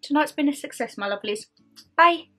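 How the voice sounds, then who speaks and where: Bright-voiced chatty woman vlogger. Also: a little high, moderate pace, soft background music. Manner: chatty, self-mocking, talks with her mouth full. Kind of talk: casual chat to camera while eating.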